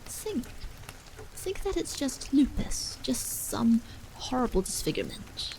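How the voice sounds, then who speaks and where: A woman's voice: sits high, sing-song, slow, gravelly, darkish tone, a little hiss or hum, heavily acted, poor audio. Woman whispering as a weary, bitter husband, whispered role-play. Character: weary disfigured middle-aged husband, dull and bitter.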